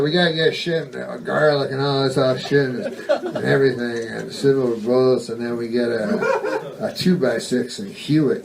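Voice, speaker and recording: A man doing stand-up comedy in a deadpan, rambling way, halting on ums and uhs and swearing often. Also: medium pitch, gravelly. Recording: distant mic with background noise.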